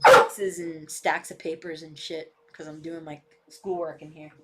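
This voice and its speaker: This political live-stream vlogger has a low-pitched, very animated voice and an unhurried delivery, with background noise in the mix. Speaking casually into a desk mic and camera in a cluttered room, she's blunt, swears constantly and talks back to her dog. The dog can be heard barking and moving.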